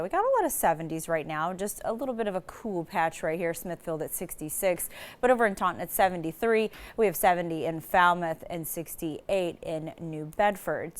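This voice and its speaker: A woman meteorologist giving a live TV weather forecast in a casual, rambling way, starting many sentences with "so" and restarting a few phrases. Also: fairly low pitch.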